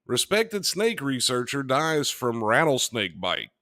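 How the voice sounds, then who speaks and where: A man's voice: medium pitch, sing-song, unhurried, sharp tone. A man co-hosting a casual talk show, reading out news headlines and cracking dry jokes in between. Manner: dry, wisecracking.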